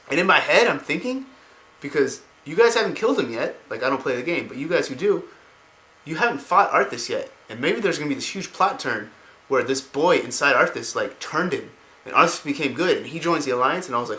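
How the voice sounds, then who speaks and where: A man retelling a story in a casual way, excitedly rambling and swearing as he goes. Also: fairly high pitch, fairly quick. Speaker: lore explainer. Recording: roomy home recording.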